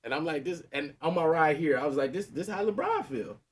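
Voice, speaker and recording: A man's voice: a little high, animated, brisk. A man in his thirties, a podcast co-host, telling a story in casual chat and laughing often, with a sore knee.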